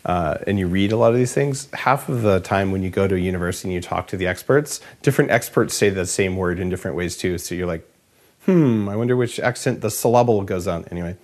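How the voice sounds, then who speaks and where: A man hosting a health interview, talking in a relaxed, rambling, jokey way. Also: sits low, fast, hardly any pauses. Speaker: podcast host. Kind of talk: casual interview chat.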